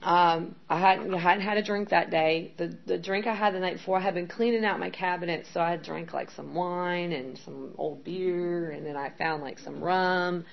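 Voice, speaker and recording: A woman's voice: on the low side, fairly even intonation, normal speed, creaky, hardly any pauses. A middle-aged woman candidly telling her recovery story as personal testimony, rambling with many fillers. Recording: dull lo-fi sound with faint background noise.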